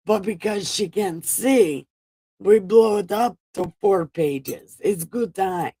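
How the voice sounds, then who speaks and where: A woman's voice: medium pitch, dark tone, husky, dry recording. A woman hosting a casual bedtime Bible-reading livestream, joking, swearing and laughing her way through the verses.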